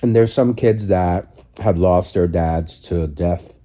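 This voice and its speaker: A man in his forties, a vlogger, eats on his living room couch and talks reflectively and candidly for a casual mukbang vlog recorded on his phone. His voice is low, slow and dark, and he speaks in loose restarts.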